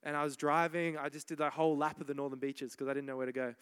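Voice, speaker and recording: Energetic Australian preacher in a reverberant hall. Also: male voice, a little high, fast, clear, resonant tone. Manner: energetic, repeats himself, exhorting "come on". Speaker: pastor. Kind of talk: sermon. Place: large church hall.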